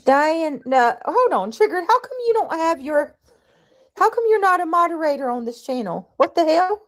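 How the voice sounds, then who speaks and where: A woman's voice: very high-pitched, sing-song, normal speed. A woman hosting a livestream, chatting casually and reading out her viewers' comments as she greets them. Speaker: livestream host.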